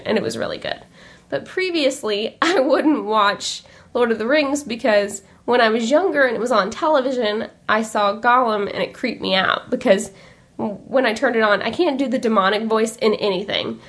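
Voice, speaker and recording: Sounding slightly stuffed up, the young podcast host keeps her chat loose, cheerful, and meandering. Her voice sits a little high with a touch of brightness.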